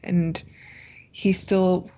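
A woman's voice: fairly low pitch, flat delivery, extremely slow, warm tone, dull audio. A woman co-hosting a podcast in easygoing casual chat, laughing often. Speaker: podcast co-host.

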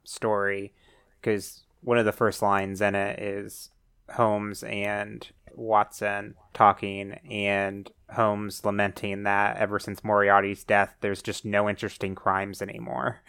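A man's voice: on the low side, little pitch movement, slow pace, fairly bright tone, clean tone, no echo, studio quality. A man co-hosting a podcast, chatting in an easygoing way and often correcting himself mid-sentence. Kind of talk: casual chat.

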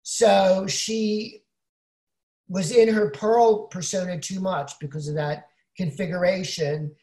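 Brief: woman co-host, lowish voice, explanatory chat manner, roomy echo. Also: steady tone, takes it slowly, dark tone. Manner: explanatory, frequent "you know" fillers. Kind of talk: casual chat, explaining astrology.

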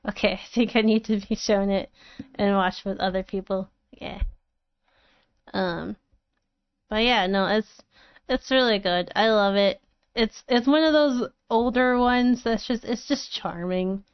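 A woman's voice: medium pitch, measured pace, no echo. A woman gushing in casual chat, swearing freely and restarting her sentences. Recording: dull lo-fi, dry sound.

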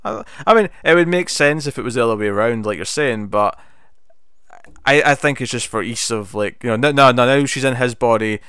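A man's voice: medium pitch, lively intonation, a little fast, fairly bright tone, smooth, no room sound, clean studio sound. A man co-hosting a casual podcast, reviewing a TV episode and retelling its scenes with bursts of animation. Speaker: podcast co-host.

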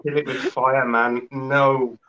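A man's voice: medium pitch, little pitch movement, slow, sharp tone, highs cut off, slight background noise. A man from England with an English accent, chatting casually and joking around with slang. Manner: jokey, puts on broad slang. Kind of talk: casual chat.

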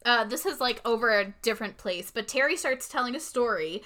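A woman's voice: on the high side, animated, brisk, sharp tone. A woman co-hosting a casual chat, retelling a movie's plot and acting out the characters' lines. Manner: chatty, acts out character quotes. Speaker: podcast co-host recapping a movie.

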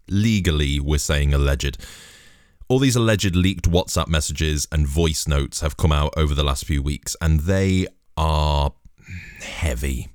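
A man's voice: very deep voice, a little mellow, clear, resonant tone, no room sound, clean studio sound. A man delivering a rambling, sweary, sardonic comedic monologue in a casual style.

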